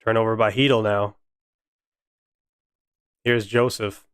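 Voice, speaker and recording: A man's voice: on the low side, flat delivery, slow, a bit bright, smooth, dry recording, studio quality. A young man giving fan play-by-play on a live stream, frustrated and sarcastic about his team. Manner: exasperated, sarcastic fan commentary.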